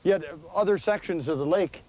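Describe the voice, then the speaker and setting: A man hosting a fishing show from a boat, chatting excitedly and laughing as he reels fish in. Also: high-pitched, a little fast, poor audio. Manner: excitable, exclaiming and laughing while reeling in fish. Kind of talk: casual on-the-water fishing chat. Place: outdoors on a boat on a lake. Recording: 1980s VHS field audio with light noise.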